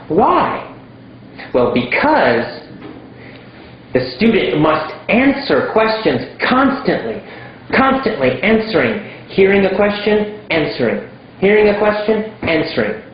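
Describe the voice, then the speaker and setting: Slow deliberate guy teaching english, repeats easy words, boomy echoey dull recording. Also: slight background noise. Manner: emphatic, repeats simple words for learners. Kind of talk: slow teaching monologue to camera. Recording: very echoey room, dull lo-fi sound.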